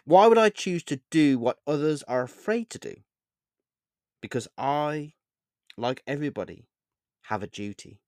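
A man reading the lines of a mysterious, godlike man in black who is compassionate and rebellious, in a soft-spoken, earnest way. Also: fairly high pitch, expressive, unhurried, pauses often, no echo, studio quality, pitched above the performer's own voice. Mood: impassioned.

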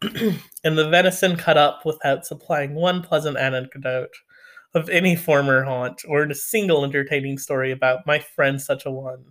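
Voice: mid-range voice, fairly even intonation, moderate pace, a bit bright. A reader narrating a classic novel aloud and breaking off for sardonic, casual jokes. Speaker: audiobook reader. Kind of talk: reading a classic novel with joking asides.

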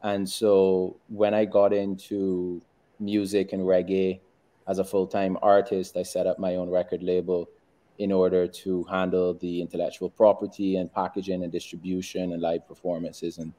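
A middle-aged man with a Barbadian accent that leans toward a British-American mix, answering interview questions in a measured, reflective way. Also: deep voice, completely flat delivery, mellow. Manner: measured and reflective, with frequent ums. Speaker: guest, tech entrepreneur. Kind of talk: interview conversation.

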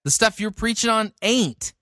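A man's voice: high-pitched, expressive, normal speed, bright, forceful tone, no echo, studio quality. A man reviewing a sermon, reading scripture aloud and answering the preacher with sarcastic, exasperated remarks. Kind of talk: critical commentary.

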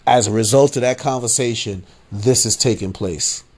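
A podcast host with a mid-range, slightly mellow voice talks at normal speed through a casual political rant. He swears a lot, keeps saying "you know what I'm saying," mocks the voices of people he quotes, and laughs at his own points.

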